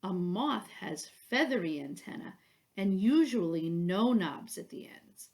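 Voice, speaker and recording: Lady putting on a drowsy little butterfly voice, kinda gravelly, bouncy pitch. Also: lively intonation, measured pace, darkish tone. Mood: explaining. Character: sleepy, blunt female butterfly, small.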